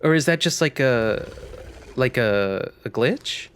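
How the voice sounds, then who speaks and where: A man's voice: medium pitch, lively intonation, slow, a bit bright, slight background noise. A young man giving casual let's-play commentary, wry and joking as he thinks aloud. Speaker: gaming channel host.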